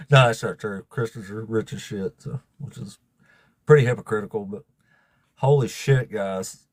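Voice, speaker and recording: A man hosting a casual livestream, laughing and swearing as he thanks viewers, emotional and fighting back tears in a raspy voice. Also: mid-range voice, moderate pace, pauses often, darkish tone, no echo, studio quality. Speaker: livestream host.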